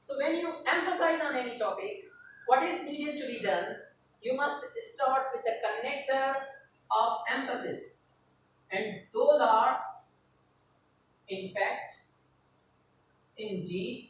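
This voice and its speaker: A high-voiced woman lectures on writing, heard from some distance away. The room is very echoey and has a faint hiss behind her. She explains each step plainly and repeats the key terms. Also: slow, long pauses. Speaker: writing teacher. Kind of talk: classroom lecture.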